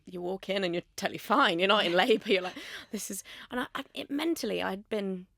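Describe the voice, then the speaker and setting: A woman's voice: mid-range voice, a little fast, creaky, a bit bright, no room sound. A young woman, a podcast guest, talking candidly and chattily into a studio mic, with lots of "like" in her speech. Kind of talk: casual chat. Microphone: studio microphone.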